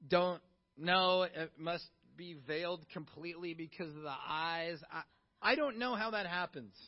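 A middle-aged man preaching a sermon in a conversational, animated way, full of rhetorical questions to the congregation. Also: high voice, a little slow. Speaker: pastor. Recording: dull lo-fi sound.

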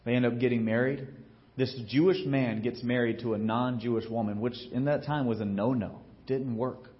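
A man preaching a sermon as pastor, telling a story in a casual, joking way and acting out what people say, getting loud and then dropping low. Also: moderate pace, lo-fi sound. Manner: animated storytelling, acts out quotes with big swings in loudness.

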